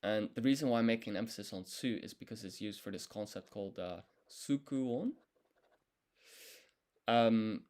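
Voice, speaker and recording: Low-voiced man thinking aloud while studying. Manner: thinking aloud, self-correcting, relaxed. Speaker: language learner streaming his study. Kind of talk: casual live-stream study session.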